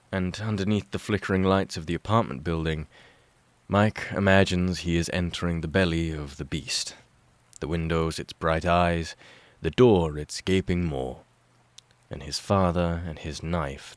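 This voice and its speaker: A male narrator reading fan fiction aloud, his voice low and steady. The recording is close and dry, with no room sound. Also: moderate pace, dry recording.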